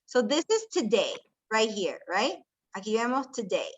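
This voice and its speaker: A woman's voice: fairly high pitch, big pitch swings, moderate pace, husky. A woman teaching an English class, patiently explaining step by step, switching between English and Spanish, and quizzing her students. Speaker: ESL teacher. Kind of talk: bilingual classroom lesson.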